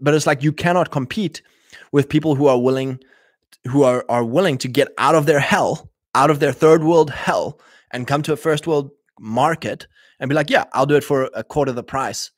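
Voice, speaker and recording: A man in a casual rambling monologue, clearing his throat often and acting out quoted voices. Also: mid-range voice, dry recording, clean studio sound. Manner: frequent throat clearing and restarts.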